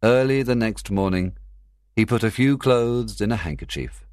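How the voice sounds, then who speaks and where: A man reads a simplified classic novel for learners in a very deep voice. He speaks slowly and clearly but with lively rises and falls in pitch. The recording is close and dry. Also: dry recording. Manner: clear, deliberate storytelling. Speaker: narrator. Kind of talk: graded reader audiobook narration.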